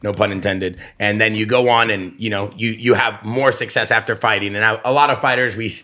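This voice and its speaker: A man's voice: on the low side, fairly even intonation, fairly quick, bright, forceful tone. A man hosting a podcast, asking questions with enthusiasm and heaping praise on his guest. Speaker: podcast host. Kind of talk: interview questions.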